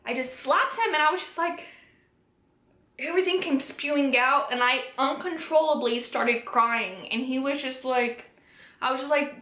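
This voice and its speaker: A woman's voice: high voice, moderate pace. Young woman telling a personal story, echoey room. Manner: candid, animated retelling with quoted dialogue. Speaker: vlogger.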